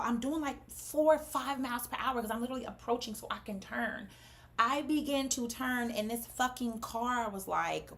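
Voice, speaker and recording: A woman's voice: on the high side, fairly bright tone. A woman, casually telling viewers a story on a livestream, emphatic and swearing freely. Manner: addresses viewers as "y'all" and "baby". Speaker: cosmetics brand owner livestreaming.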